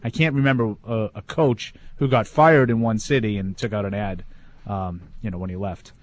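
A man co-hosting a sports talk show, dry and halting, often trailing off mid-thought. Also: fairly low pitch, fairly even intonation, a little hiss or hum. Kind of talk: casual sports chat.

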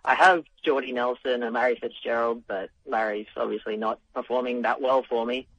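Relaxed Australian man calling in on a muffled line. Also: mid-range voice, brisk, no echo. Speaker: caller. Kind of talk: phone-in call. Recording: muffled dry phone line.

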